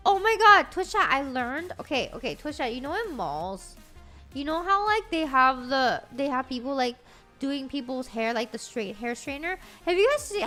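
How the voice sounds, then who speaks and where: Woman streamer, high voice, excitable and chatty, faint music behind. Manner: excitable, chatty, talks to chat. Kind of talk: live-stream chat.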